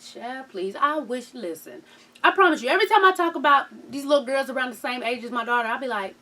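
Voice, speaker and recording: A woman's voice: high-pitched, quick pace, pushed and bright. A woman in her thirties recapping a reality TV episode in casual, slangy chat, laughing and acting out quotes. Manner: sassy, slangy, laughs often, acts out quotes.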